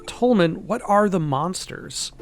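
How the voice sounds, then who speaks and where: A man's voice: sits high, expressive, slow, pitched above the performer's own voice, heavily acted. A persistent young woman investigator asks question after question, as a man voices her. The reading stays close to an everyday voice, over faint game music. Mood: pressing.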